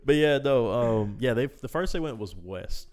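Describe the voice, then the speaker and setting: A man hosting a casual podcast, speaking in a relaxed way with lots of fillers. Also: medium pitch, moderate pace. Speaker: podcast host.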